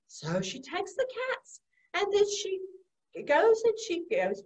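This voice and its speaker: A woman's voice: very high-pitched, very animated, unhurried. A woman librarian telling a children's story in a playful, sing-song way, with sound effects. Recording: distant, dull lo-fi sound.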